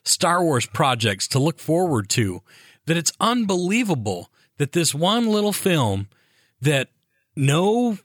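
A man's voice: on the high side, big pitch swings, slow, dry recording, clean studio sound. A man co-hosting a podcast, speaking earnestly and reflectively in casual chat, often restarting his sentences. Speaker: podcast co-host.

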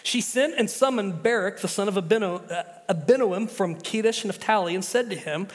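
A pastor with a high, light voice preaches in a loose, conversational way, stumbling over words and circling back mid-sentence. His voice rings out with a long reverb from the church sanctuary. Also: fairly quick. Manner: casual, chatty preaching with many restarts. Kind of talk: sermon.

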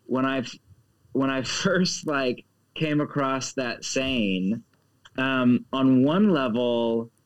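Animated American man guest. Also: medium pitch, slow pace, low-quality recording. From United States. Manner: animated, expressive, laughs along. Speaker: guest author. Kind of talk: casual interview chat.

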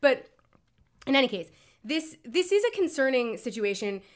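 A woman co-hosting a casual political chat, blunt and quick to swear. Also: sits high, very animated. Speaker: podcast co-host.

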